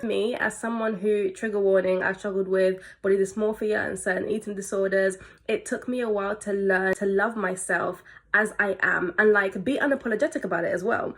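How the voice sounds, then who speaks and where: A woman's voice: mid-range voice, a bit bright. Young woman, storytime vlog, earnest, shaken, emotional. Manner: earnest, shaken, quoting others in conversation. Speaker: content creator venting to viewers.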